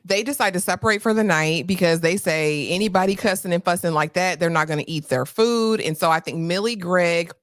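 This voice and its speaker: A woman hosting a casual, slangy recap chat, telling the story with animated asides. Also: lowish voice, fairly quick, few pauses, no echo, studio quality. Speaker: host.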